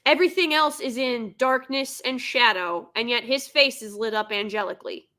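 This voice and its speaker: A woman's voice: on the high side, normal speed, bright, forceful tone. A young adult woman giving sarcastic, exasperated live reaction commentary as a streamer.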